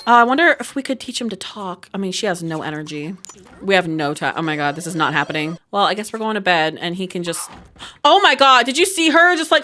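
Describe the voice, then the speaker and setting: A young woman giving casual let's-play commentary, chatty and quick to laugh, with lots of asides. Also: on the low side, pushed and bright. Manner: chatty, laughs often, many "like" and "oh my God" asides. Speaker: gaming YouTuber.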